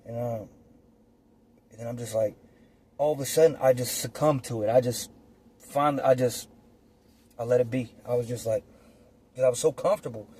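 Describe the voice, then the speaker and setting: A man telling a personal story casually, outdoors on his phone, animated and profane, acting out the scenes as he goes. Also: medium pitch, normal speed, long pauses, slight background noise. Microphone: phone or camera.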